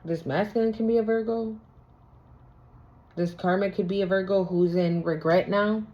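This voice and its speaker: A woman's voice: medium pitch, steady tone, normal speed. A woman doing a casual tarot reading, talking bluntly with slang and profanity. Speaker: tarot reader. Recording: lo-fi recording.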